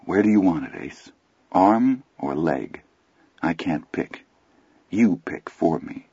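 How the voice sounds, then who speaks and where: A man reading the part of a tough twelve-year-old boy in an audiobook, speaking quietly, steadily and tauntingly. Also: lowish voice, lively intonation, normal speed, husky, no echo. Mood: defiant. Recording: slightly muffled recording.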